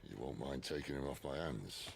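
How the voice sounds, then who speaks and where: An actor playing a gruff, wry rugged man in a video game cutscene, with a dry, teasing drawl. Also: expressive, brisk, heavily acted. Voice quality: deep and gravelly.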